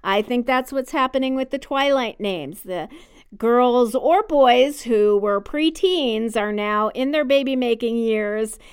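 A woman's voice: a little high, a little slow, smooth. A woman co-hosting a casual podcast, chatty and opinionated, explaining at length. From United States. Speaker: podcast co-host. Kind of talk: casual chat about baby names.

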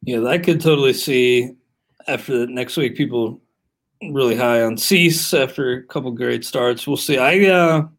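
A man's voice: medium pitch, moderate pace. A man co-hosting a casual fantasy baseball podcast, steadily leading the talk from one pick to the next. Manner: steady, leads the segment, moves between topics. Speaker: podcast co-host.

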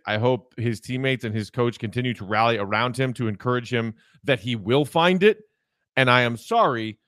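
A man hosts a solo sports podcast with a mid-pitched voice, animated and opinionated, often restarting his sentences. The sound is dry and close to the mic. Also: no echo. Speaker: podcast host.

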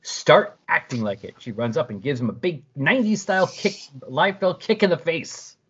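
Animated podcaster recapping a comic. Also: medium pitch, moderate pace, husky. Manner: animated, reads the characters aloud. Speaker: podcast host. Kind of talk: comic recap, casual chat. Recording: dull lo-fi sound.

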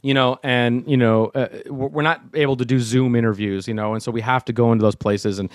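A man hosting a casual chat, telling a story in an animated way, acting out quotes and swearing freely. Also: mid-range voice, brisk, no echo, clean studio sound. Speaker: show host telling a story.

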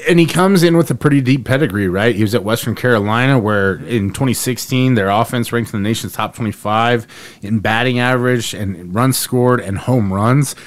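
A man's voice: medium pitch, normal speed. Chatty man co-hosting a sports podcast. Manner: rambling, jokey, with restarts. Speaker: podcast co-host. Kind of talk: casual sports podcast chat.

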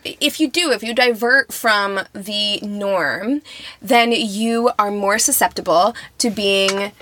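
A woman's voice: mid-range voice, takes it slowly, pushed and bright, a little hiss or hum. A young adult woman co-hosting a podcast, chatting casually with many fillers. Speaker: podcast co-host. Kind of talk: casual chat.

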